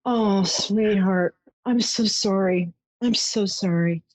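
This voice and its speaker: A woman with a mid-range voice hosts a psychic call-in show, speaking slowly and soothingly as she gives readings and heaps endearments on callers. The audio is dull, lo-fi and dry, with no room sound.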